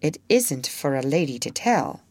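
A woman's voice: deep voice, big pitch swings, moderate pace, darkish tone, dry recording, exaggerated voice. A woman reading the part of a prim, motherly young girl who speaks formally and properly.

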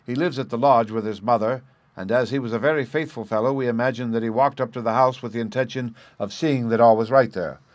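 A man's voice: medium pitch, fairly even intonation, fast, no echo, close to an everyday voice. A man voicing a keen young police inspector who reports details in a polite, businesslike way, in an audiobook reading.

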